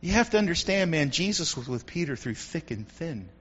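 A man preaching a sermon, telling the story with animated swings between loud and hushed delivery, on a dull lo-fi recording. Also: fairly high pitch, brisk, husky.

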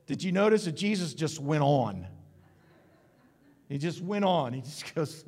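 A man's voice: on the high side, a little slow, husky. A man preaching a sermon in a church, joking and acting out voices in quotes. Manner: lively, joking preacher who acts out quotes. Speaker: pastor. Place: church sanctuary. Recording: long hall reverb.

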